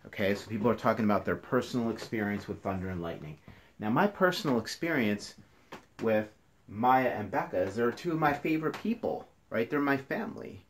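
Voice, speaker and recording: Low-voiced male teacher counting syllables. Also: expressive, slight background noise. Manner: slow, counts syllables aloud, talks to students. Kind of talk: classroom lesson video. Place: indoors, near a passing train.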